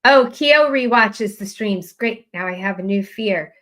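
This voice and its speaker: A woman's voice: mid-range voice, animated, unhurried, fairly bright tone. Chatty woman hosting a live stream. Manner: chatty and self-deprecating, reading out viewers' updates. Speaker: host of a live writing sprint stream. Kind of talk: casual live-stream chat.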